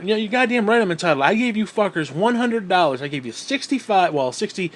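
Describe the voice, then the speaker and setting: A man's voice: high voice, animated, a little fast, few pauses. A man from New York State ranting bitterly and swearing constantly in a vlog, still out of breath as he talks. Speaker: vlogger.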